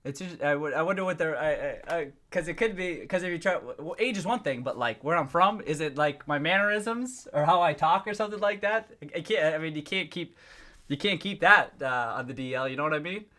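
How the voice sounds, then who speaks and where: A man with a slightly higher voice chats casually on a livestream, reading out viewer comments as they come in. He talks in a loose, playful way, laughs often and keeps breaking off and restarting sentences. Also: a little fast, sharp tone. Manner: reacts to and reads out viewer comments.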